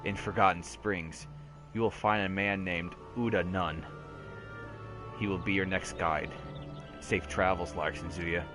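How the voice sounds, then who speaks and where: Solemn formal game quest-giver, a guy reading it out, measured and kinda low, soft music behind. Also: fairly even intonation.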